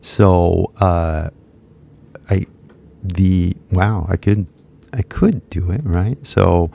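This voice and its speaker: Deep gravelly man teaching casually. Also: drawn-out words. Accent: American English. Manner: switches between English and Japanese, mumbled relaxed delivery. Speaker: English teacher. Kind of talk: casual live-stream lesson.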